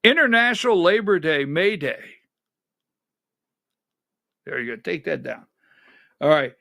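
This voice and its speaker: A man's voice: a little high, animated, slow, vocal fry, a bit bright, no room sound, clean studio sound. A man hosting a conservative political talk show, giving sarcastic, emphatic commentary and calling directions to his producer.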